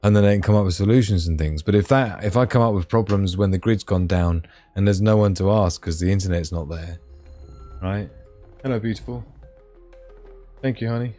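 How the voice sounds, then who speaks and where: A man's voice: fairly low pitch, a little fast, mellow, faint music behind. A man hosting a live stream, chatting to viewers in a rambling, casual way. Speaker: livestream host.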